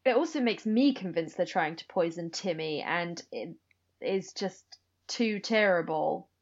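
Woman, podcast co-host, animated swooping voice, emphatic, muffled lo-fi recording. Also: fairly low pitch, measured pace. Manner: emphatic, indignant commentary. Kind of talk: casual chat.

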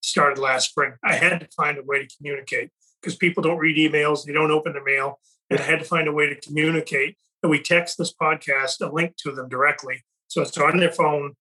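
Earnest man, bright forceful voice. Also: on the high side, steady tone, brisk, husky, rough recording. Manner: earnest, reflective, with repeated restarts. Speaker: podcast host and company leader. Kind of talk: casual conversation.

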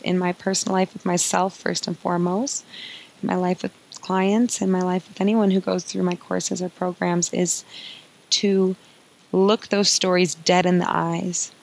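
A woman's voice: lowish voice, vocal fry, low-quality recording. A woman hosting a podcast as an emotional healing coach, talking in an earnest, confiding way and repeating phrases for emphasis.

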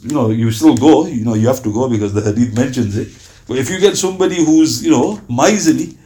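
A man's voice: mid-range voice, darkish tone. A man teaching an Islamic lesson, emphatic and full of rhetorical questions, dropping Arabic phrases into his English. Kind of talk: religious lecture.

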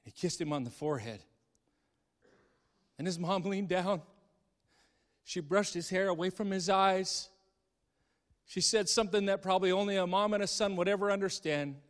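A middle-aged man telling an emotional story from the pulpit, moving between hushed and impassioned delivery. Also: sits high, moderate pace, long pauses, long reverb tail. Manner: dramatic, swings from hushed to impassioned. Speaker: speaker.

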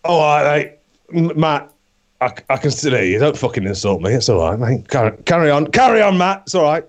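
A man's voice: a little high, very animated, fairly quick. A man playing a foul-mouthed baby. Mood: deadpan. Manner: swearing, rambling, giggling mid-line. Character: crude, boastful talking baby girl with an inverted face. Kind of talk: comic monologue.

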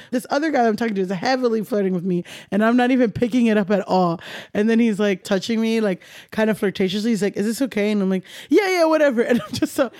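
Young woman, comedian guest, animated storytelling, frequent laughter, dry close sound. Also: medium pitch, dry recording. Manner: animated, laughing, swearing, acts out dialogue. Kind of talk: candid storytelling interview.

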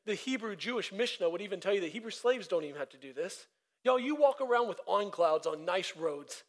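A man preaching a sermon as pastor, emphatic and conversational, repeating himself and laughing at his own stories. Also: sits high.

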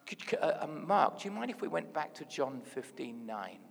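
A man preaching a sermon in a lively, playful way, dropping to a hush and then rising loud. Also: on the high side, moderate pace, gravelly. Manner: animated, playful, swings from hushed to loud. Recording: hall reverb.

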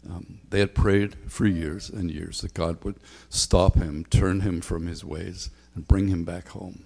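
A man's voice: low voice, steady tone, measured pace, creaky, darkish tone. A man preaching a sermon as a pastor, talking conversationally with frequent ums and a repeated refrain. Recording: long hall reverb.

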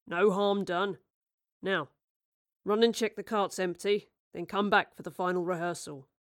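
A woman voicing a calm, good-humoured male actor in Tudor times, steady and wry, in a storybook reading. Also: medium pitch, a little slow, dry recording, studio quality, lightly acted.

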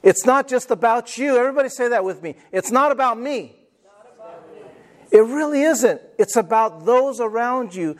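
A middle-aged male pastor preaching a sermon, emphatic, repeating key phrases and calling for amens from the congregation. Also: sits high.

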